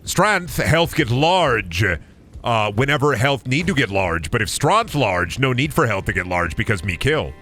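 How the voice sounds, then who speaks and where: A man voicing a dim-witted caveman warrior who speaks in broken, simple words, slowly and solemnly. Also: medium pitch, expressive, fairly bright tone, slight background noise. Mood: earnest. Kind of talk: game streaming.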